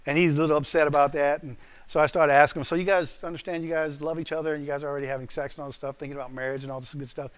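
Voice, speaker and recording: Animated, emphatic preacher with a higher voice. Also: male voice, racing, smooth. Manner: animated storytelling, quizzes the listeners; emphatic, punches key lines. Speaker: pastor. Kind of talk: sermon to a live group.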